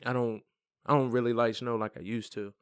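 A man's voice: mid-range voice, flat delivery, fairly quick, clear, resonant tone, dry recording, studio quality. A man co-hosting a podcast in casual chat, laid-back and slangy, swearing freely. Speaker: podcast co-host.

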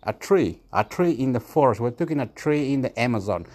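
A man's voice: medium pitch, lively intonation, brisk, darkish tone. A man, rambling through a casual monologue for his own video channel. He laughs often, swears and jumps from topic to topic. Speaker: vlogger.

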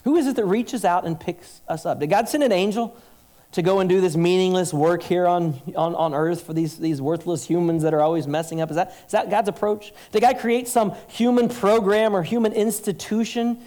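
A man's voice: sits high, steady tone, moderate pace, warm tone. A man preaching a sermon as pastor, earnest and emphatic, leaning on rhetorical questions.

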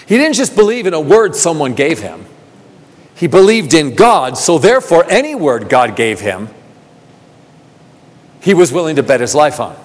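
A man preaching a sermon, asking rhetorical questions and repeating phrases, building from soft talk to emphatic calls. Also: on the high side, big pitch swings, moderate pace. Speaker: pastor. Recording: long reverb of a large hall.

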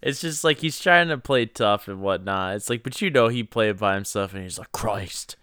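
A man's voice: on the low side, animated, normal speed, bright, forceful tone, smooth. A man co-hosting a movie podcast in casual chat, joking and laughing often. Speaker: podcast co-host.

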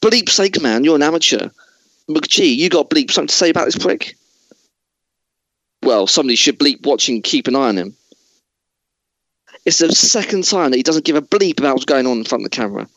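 An enraged male film star tears into a crew member on set, as a man puts him on. He rants in a raised, higher voice and says "bleep" aloud instead of swearing. The sound is dry and close. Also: animated, fairly quick, pauses often, a bit bright, no room sound, poor audio. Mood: furious.

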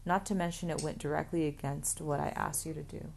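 A woman reading the part of a middle-aged mother with a dry, matter-of-fact manner in an audiobook, in a low voice. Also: steady tone, a little fast, creaky, darkish tone, slight background noise. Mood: stern.

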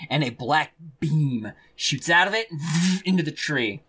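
A man narrating as game master of a tabletop game, animated and laughing as he describes the action. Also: on the high side, unhurried, a little hiss or hum.

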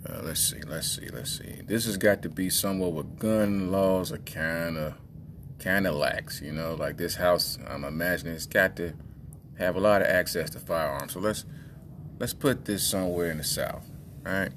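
A man from the Midwest hosting a podcast, doing casual comedic commentary in an animated, exasperated way and talking straight to his listeners. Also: low-pitched, moderate pace, slight background noise. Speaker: podcast host.

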